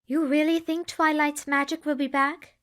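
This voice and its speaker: Woman putting on a high, prim unicorn lady, all polite and proper. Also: flat delivery, moderate pace, a bit bright. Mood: eager. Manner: polite, genteel, eager. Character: refined, graceful young female unicorn pony. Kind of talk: audiobook character voice.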